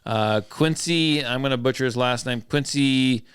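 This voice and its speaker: A man's voice: mid-range voice, normal speed, fairly bright tone, clear, resonant tone, dry recording, studio quality. A man hosting a podcast in casual chat, loose and joking about himself. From southern Idaho. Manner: loose, joking, self-deprecating. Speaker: podcast host.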